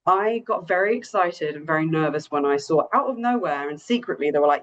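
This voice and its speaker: A woman's voice: on the low side, lively intonation, normal speed. A woman co-hosting a podcast, talking in an eager, chatty way in casual conversation. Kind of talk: casual chat. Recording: dull lo-fi audio.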